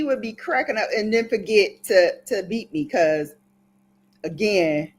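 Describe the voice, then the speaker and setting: A woman from Brooklyn tells a story in a playful, dramatic way, with a very lively voice that swoops up and down. Her pitch sits mid-range, and she speaks casually into a close microphone. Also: measured pace, breathy edge. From Brooklyn, New York. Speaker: beauty vlogger.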